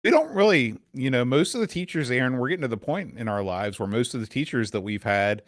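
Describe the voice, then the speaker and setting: A man in his thirties co-hosting a casual podcast chat, halting and full of ums and restarts. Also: medium pitch, lively intonation, no room sound, clean studio sound. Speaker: podcast co-host.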